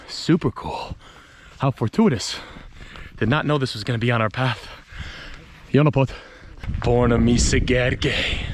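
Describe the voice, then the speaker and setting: Animated man, casual hiking vlog, hams up the story, swears casually, faint outdoor noise. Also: medium pitch. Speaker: travel vlogger and history storyteller. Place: outdoors on a hike.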